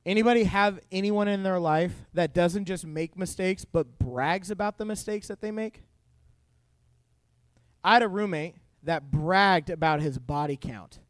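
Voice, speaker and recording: A young man preaching a youth sermon as an animated, joking storyteller. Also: high-pitched, measured pace, no echo. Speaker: youth pastor.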